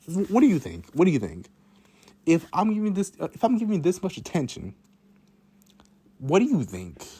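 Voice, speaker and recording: A man's voice: a little high, dark tone, breathy edge. Man with a casual, rambling storytelling monologue, repeating lines and swearing.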